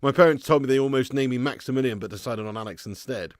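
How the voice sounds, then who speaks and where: Speaking fast at medium pitch, this laid-back, laughing man runs a football watch-along stream, cursing without restraint and reading out messages from viewers. The sound is clean studio audio with no echo, and the talk is casual live-stream chat.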